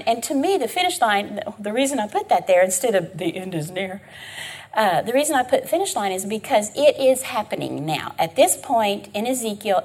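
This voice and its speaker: A woman with a high, breathy voice teaching an informal Bible study. Her pitch swings widely as she talks in a chatty, emphatic way and keeps checking that her listeners are following. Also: a little mellow.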